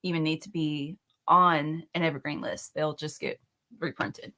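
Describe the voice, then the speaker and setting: A woman's voice: low voice, little pitch movement, unhurried, sharp tone. A woman co-hosting a casual live stream who reads viewer comments aloud and giggles often. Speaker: co-host.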